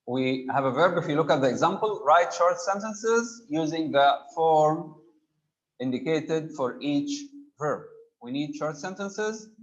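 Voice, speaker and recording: A man's voice: a little high, muffled recording. A man teaching a grammar class online, patiently prompting students by name for answers.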